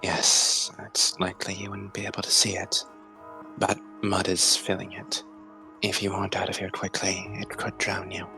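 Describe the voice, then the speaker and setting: Quiet man narrating a tabletop game. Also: deep voice, completely flat delivery, moderate pace, creaky, music in the background. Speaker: game master.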